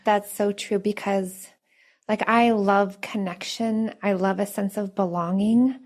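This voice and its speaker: A woman's voice: medium pitch, fairly even intonation, unhurried, darkish tone. A woman guest sharing personal family struggles candidly and emotionally on a podcast. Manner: candid, emotional, quotes her own thoughts.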